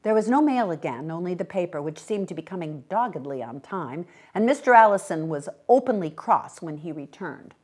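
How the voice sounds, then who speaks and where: Woman, story reader, expressive, lower voice, lively pitch. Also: fairly quick, few pauses. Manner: expressive, animated reading. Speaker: guest reader. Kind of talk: reading a short story aloud.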